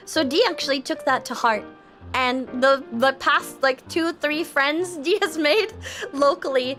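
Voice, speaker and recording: A woman's voice: sits high, normal speed, fairly bright tone, faint music behind. A woman hosting a casual livestream chat, telling bubbly stories and often giggling. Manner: refers to herself in third person. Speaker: livestream host.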